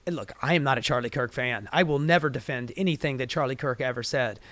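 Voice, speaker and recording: A woman's voice: rumbling low, fast talker, no room sound. Profane fired-up woman ranting, dry mic. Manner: profane, fired-up, swings between muttering and shouting. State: voice getting strained. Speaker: political commentary host. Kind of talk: heated political rant.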